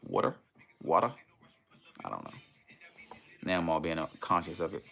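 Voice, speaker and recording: Deep-voiced laid-back man. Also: expressive, a little fast, vocal fry, sharp tone. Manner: laid-back, reads viewer comments aloud and greets them. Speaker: livestream host. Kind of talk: casual livestream chat.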